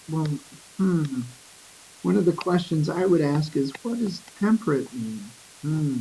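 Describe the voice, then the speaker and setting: A man teaching a poetry lesson in a screencast, thinking aloud with fillers and reading verse slowly. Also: on the high side, warm tone, slight background noise, low-quality recording.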